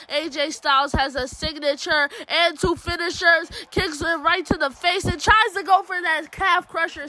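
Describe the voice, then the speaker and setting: A woman hosting a gaming channel, giving excitable play-by-play commentary over a wrestling video game in casual slang, often exclaiming in surprise. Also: high-pitched, poor audio.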